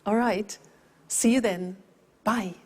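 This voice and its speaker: A woman teaching an English lesson at a slow, measured pace. She speaks deliberately and repeats each word carefully so learners can follow its pronunciation. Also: mid-range voice, fairly even intonation, a little mellow, slightly rough. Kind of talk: scripted language lesson.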